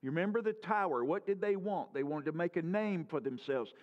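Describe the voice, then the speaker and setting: A man's voice: high voice, expressive, fairly quick, highs cut off. A man preaching a sermon as pastor, earnest and full of rhetorical questions, his voice rising and falling.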